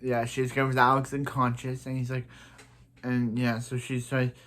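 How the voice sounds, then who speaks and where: A man's voice: mid-range voice, completely flat delivery, moderate pace, a bit bright. A man casually recapping a TV episode, rambling with many restarts and "he's like" retellings. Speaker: TV episode reviewer.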